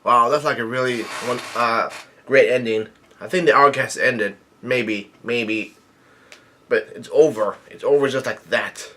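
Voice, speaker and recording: A young man talks his way through a manga chapter, stopping and restarting often and filling pauses with ums. His voice sits in an ordinary middle pitch, and he perks up whenever he reads a character's line aloud. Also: bright, forceful tone, slight background noise. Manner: halting, many fillers and restarts, reads quoted lines with lifted energy. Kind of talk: casual read-through commentary.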